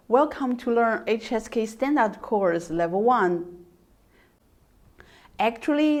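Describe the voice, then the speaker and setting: A woman with a Mandarin Chinese accent teaching an introductory language lesson, slowly and patiently demonstrating sounds and tones. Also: mid-range voice.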